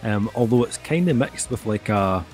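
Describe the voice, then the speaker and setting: A middle-aged co-host reviewing an album speaks in a voice on the low side, expressive and a little mellow, at a moderate pace, with faint music behind. He rambles casually, peppering his speech with "um" and "kinda."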